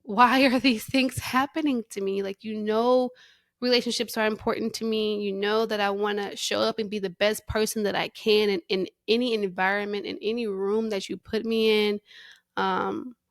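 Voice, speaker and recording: A woman hosting a faith podcast, speaking candidly and emotionally about her struggles, close to tears, with restarts and soft laughs. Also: medium pitch, little pitch movement, moderate pace, no echo. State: near tears. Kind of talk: personal reflective monologue.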